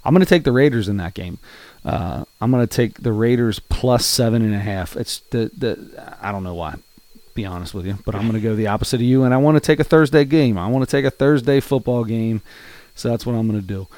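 A man's voice: mid-range voice, brisk, darkish tone, no room sound. Breathless, rambling sports podcast man. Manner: rambling, gets out of breath while talking. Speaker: podcast co-host. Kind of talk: casual sports betting chat.

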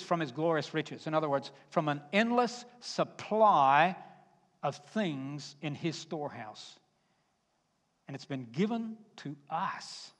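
A man preaching a sermon to a congregation, emphatic and building to forceful exhortation. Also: fairly high pitch. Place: church sanctuary. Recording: long hall reverb, faint guitar. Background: faint guitar music.

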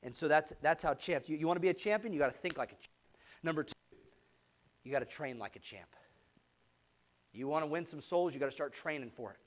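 A man preaching a sermon, energetic and exhorting, asking the congregation for an amen. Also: on the high side, brisk, long pauses. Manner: energetic, exhorting, call-and-response asides.

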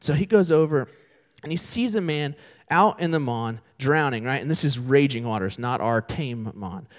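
Animated young male pastor preaching. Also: medium pitch, normal speed. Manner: animated storytelling with voiced characters. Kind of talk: sermon. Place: church sanctuary.

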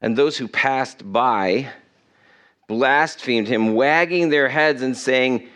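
A man's voice: medium pitch, unhurried, fairly bright tone. A man preaching a sermon to his church in a conversational way, asking his listeners questions. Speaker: pastor.

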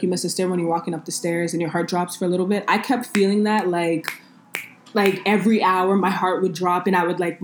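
A young woman in casual podcast chat, telling a story candidly with quick asides and quoting herself. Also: fairly low pitch, roomy sound. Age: young adult. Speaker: podcast co-host.

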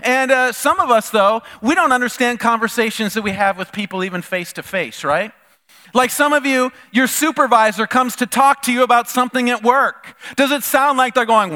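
In a church hall, a pastor preaches a sermon with animated storytelling, acting out the voices of the people he quotes. His very high-pitched voice moves at normal speed and leaves a long reverb tail.

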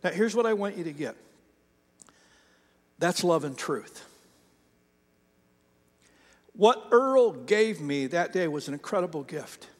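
In a church sanctuary, a pastor in his fifties preaches a sermon, his voice high-pitched with lively intonation and an unhurried pace. The big-room sound carries his chatty, self-deprecating story from his early ministry.

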